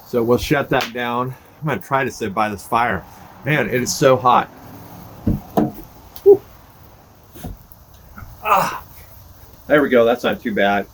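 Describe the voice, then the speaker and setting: By the fire on his front porch, an older podcast host rambles to camera in a casual, folksy, self-deprecating style. His mid-range voice is a bit bright, at normal speed with frequent pauses. Crackling fire and passing cars fill the outdoor background.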